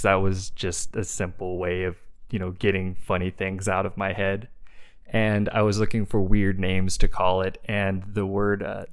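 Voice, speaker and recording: A man's voice: low voice, clean tone. A man guesting on a tech podcast, chatting casually and enthusiastically about his webcomic site, with fillers. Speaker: guest, webcomic creator and developer. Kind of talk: casual interview conversation.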